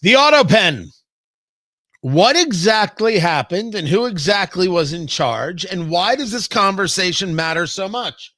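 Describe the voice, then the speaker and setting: A man's voice: measured pace, few pauses, dry recording. Sarcastic guy hosting a talk show, voice jumps all over the place, real dry close mic. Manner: animated, sarcastic, swings between loud jabs and low asides. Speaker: radio talk show host. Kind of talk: opinionated political commentary.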